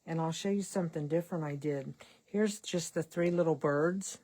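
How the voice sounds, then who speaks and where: A woman's voice: low voice, normal speed, warm tone. Chatty older woman crafting on camera. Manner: chatty, rambling, self-deprecating asides. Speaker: card-making channel host. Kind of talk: casual crafting vlog chat.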